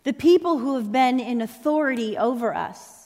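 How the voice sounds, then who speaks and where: Woman preacher, impassioned sermon, dramatic delivery, slightly high voice, church sanctuary. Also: expressive, moderate pace, a little mellow. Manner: impassioned, dramatic, rising and falling intensity. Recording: long reverb in a large hall.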